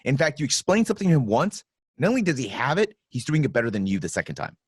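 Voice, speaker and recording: A man hosting a podcast in casual chat, telling stories with lots of swearing and animated delivery. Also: mid-range voice, fast, breathy edge, dry recording, clean studio sound. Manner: profane, animated storytelling. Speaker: podcast host.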